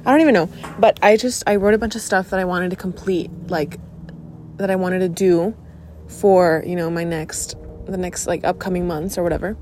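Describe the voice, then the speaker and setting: A young woman in her late teens hosting a casual podcast, chatty and excitable, full of fillers and casual swearing. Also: lowish voice, moderate pace, a little hiss or hum. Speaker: podcast host. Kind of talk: casual chat.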